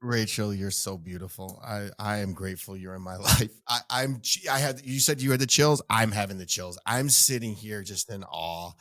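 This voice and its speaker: A man's voice: on the low side, moderate pace, hardly any pauses, fairly bright tone, dry recording. Guy hosting a podcast, gushing, trips over his words, dead dry sound. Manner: effusive, stumbling restarts, emphatic. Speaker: podcast host. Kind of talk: interview hosting.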